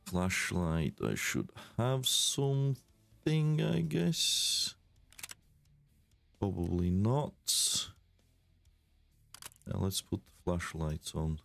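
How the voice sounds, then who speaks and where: A man live-streams a shooter game, talking to his viewers in a loose, exclamatory way. His pitch swings widely while his pace stays slow and drawn out. Soft music plays faintly behind him. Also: very animated, vocal fry. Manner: exclaims, laughs and chats with viewers. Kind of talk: casual live-stream gaming chat.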